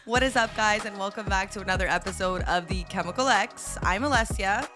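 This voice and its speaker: A woman's voice: mid-range voice, a little fast, loud music behind the voice. A woman co-hosting a podcast, telling stories in casual chat with frequent laughter. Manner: giggly, animated storyteller. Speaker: podcast co-host.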